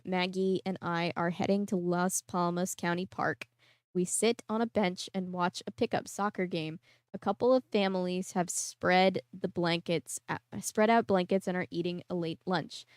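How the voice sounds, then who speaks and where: Woman host reading a novel aloud with casual commentary; smooth, slightly low voice. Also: no room sound, studio quality. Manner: chatty asides, laughs at herself. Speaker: book reader and vlog host.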